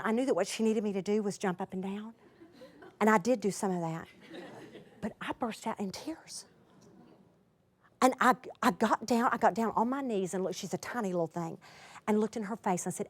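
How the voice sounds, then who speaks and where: A middle-aged woman telling a heartfelt story in a talk, expressive, moving between lively and hushed. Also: a little high, a little fast. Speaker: Bible teacher.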